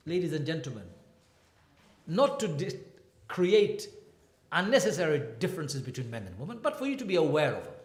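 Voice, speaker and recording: A man in his fifties lectures with a lively, swooping voice that sits a little high for a man. He tells jokes and stories with animated energy. The sound rings around an echoey hall. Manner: animated, joking storyteller. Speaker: imam and marriage counselor. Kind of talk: humorous lecture.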